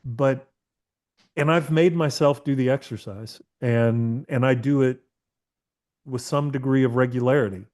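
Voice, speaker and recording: A man's voice: mid-range voice, fairly even intonation, unhurried, darkish tone. Candid, profane middle-aged male therapist. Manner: profane, candid, rambling with restarts. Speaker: therapist guest. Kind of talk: casual podcast storytelling.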